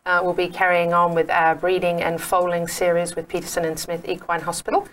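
A woman's voice: lowish voice, little pitch movement, brisk. A woman hosting a radio talk show, chatting casually with frequent ums and uhs.

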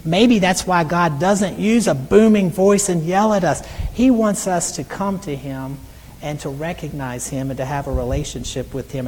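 A middle-aged man preaching a sermon in an earnest way, reading scripture aloud slowly. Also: on the high side, darkish tone, big-room sound, a little hiss or hum, low-quality recording. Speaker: pastor.

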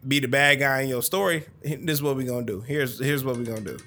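A man in his thirties co-hosting a casual podcast. His voice is bright and has an edge to it. He talks in loose, profane banter and breaks into laughs often. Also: mid-range voice, fast, soft background music. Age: 30s. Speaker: podcast co-host.

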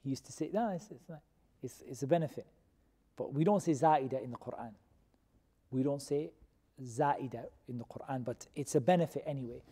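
A man teaching a Quran commentary class, who questions his students and repeats key terms slowly. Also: medium pitch, mellow, husky. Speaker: religious teacher. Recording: long reverb of a hall.

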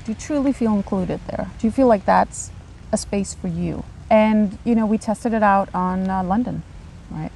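A woman in her forties from Denmark, speaking with a Danish accent as an architect and urban planner in a casual podcast conversation, emphatic and quick to laugh. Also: mid-range voice, creaky, slight background noise, low-quality recording. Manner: animated, emphatic, laughs often.

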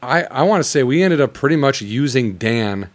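Throat-clearing man co-hosting a podcast. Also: medium pitch, expressive, moderate pace. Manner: often clears his throat, coughs. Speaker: podcast co-host. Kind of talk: casual chat.

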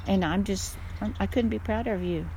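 An older woman, a mother, chatting casually and telling stories in a lively way, often laughing. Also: medium pitch, a little fast, a little hiss or hum. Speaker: guest, mother. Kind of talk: casual chat.

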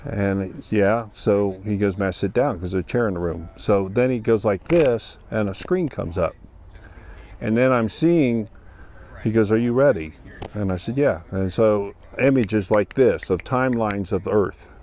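A man's voice: fairly low pitch, unhurried, a little mellow. A man earnestly telling a personal experience, acting out the dialogue as he goes. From Ohio. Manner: earnest, plain-spoken, acts out dialogue. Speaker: festival attendee sharing an experience. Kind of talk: personal storytelling.

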